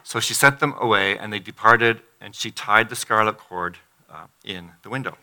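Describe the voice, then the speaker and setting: A man's voice: fairly low pitch, normal speed, sharp tone. A middle-aged pastor giving a conversational sermon, acting out the quotes from the story as he reads. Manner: conversational, acts out quotes from the text.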